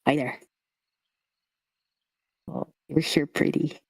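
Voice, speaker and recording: A woman's voice: low-pitched, steady tone, slow pace, creaky, husky, dry recording, exaggerated voice. Woman doing a lisping scarecrow crab-claw creature. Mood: cheerful bragging. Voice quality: lisp. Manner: childlike, bragging, bluntly rude. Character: small chatty scarecrow creature, male, crab-clawed, boastful. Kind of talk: tabletop game voice acting.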